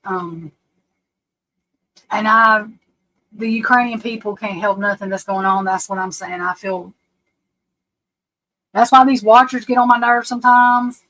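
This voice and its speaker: A woman's voice: mid-range voice, unhurried, long pauses, fairly bright tone, poor audio. A middle-aged woman from the United States hosting a live stream, rambling and frank, restarting her sentences and swearing casually.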